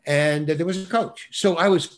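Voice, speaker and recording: A man, an actor, telling a casual anecdote animatedly, restarting phrases and punching lines with quick interjections. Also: on the high side. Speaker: actor guest telling a story.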